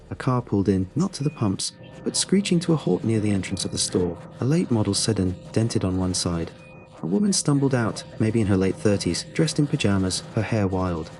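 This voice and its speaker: A man's voice: lowish voice, a little mellow. A man narrating a scripted first-person horror story in a tense, suspenseful way.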